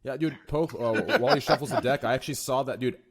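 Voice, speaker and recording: A man hosting a casual podcast, crude and rambling, quick to apologize for his language. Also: medium pitch. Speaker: podcast host.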